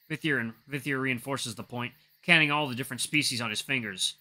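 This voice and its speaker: A man reading a visual novel aloud, narrating in an even, quiet tone with small slips. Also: medium pitch, fairly quick, hardly any pauses.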